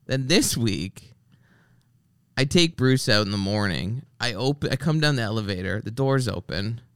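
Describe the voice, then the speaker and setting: A man's voice: on the low side, expressive, moderate pace, a bit bright, smooth, no echo, clean studio sound. A man hosting a podcast, chatting casually and telling stories, acting out the people he quotes and swearing freely. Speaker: podcast host. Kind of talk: casual chat.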